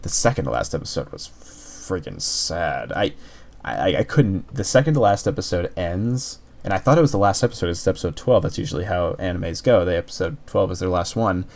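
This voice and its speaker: Man with a somewhat low voice, chatty earnest reviewer who rambles and restarts. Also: expressive, a little fast, gravelly, a little mellow. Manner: rambling, heavy use of "like", frequent restarts; earnest, openly emotional. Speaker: anime reviewer. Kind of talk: casual spoken review.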